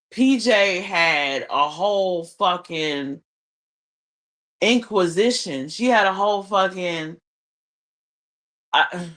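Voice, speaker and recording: Woman venting on her stream, slow and deliberate, bright tense voice, cusses a lot. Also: medium pitch. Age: adult mother. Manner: venting, emphatic, swears freely. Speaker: livestream host. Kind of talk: unscripted livestream monologue.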